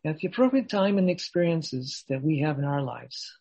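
A man preaching a sermon in a measured, earnest way, posing questions to his listeners. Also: on the high side, lively intonation, creaky, darkish tone, breathy edge, muffled recording.

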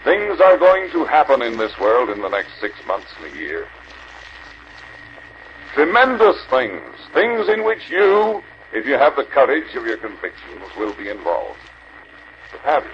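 A man's voice: on the high side, wildly swooping pitch, moderate pace. An older man giving an earnest sermon to a convention, exhorting the brethren with rhetorical questions. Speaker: preacher. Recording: dull archival recording with faint hiss.

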